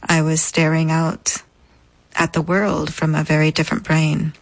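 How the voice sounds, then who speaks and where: A woman with a low, grounded voice speaks as an interview guest. She recounts her experience slowly and deliberately, pausing between phrases. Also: completely flat delivery, creaky, low-quality recording. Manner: measured, deliberate, pausing often. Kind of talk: reflective personal storytelling.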